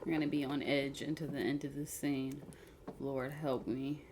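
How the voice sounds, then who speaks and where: A woman's voice: rumbling low, normal speed, noisy background. A woman hosting a movie reaction, talking casually and exclaiming at the screen as she watches. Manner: expressive, exclaims and talks at the screen.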